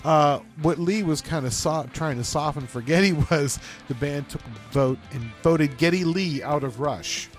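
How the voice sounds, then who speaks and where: A man's voice: fairly high pitch, measured pace, few pauses, soft background music. A man co-hosting a casual podcast, joking around and laughing often as he tells stories. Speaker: podcast co-host.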